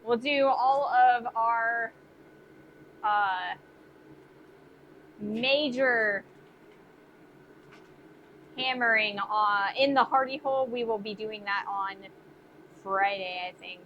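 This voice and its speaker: A woman's voice: fairly high pitch, slow pace, pauses often. A woman blacksmith chatting casually on a live stream as she works in her workshop, musing aloud and answering viewer comments. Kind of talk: casual live-stream chat while forging. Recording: dull lo-fi stream audio with faint noise.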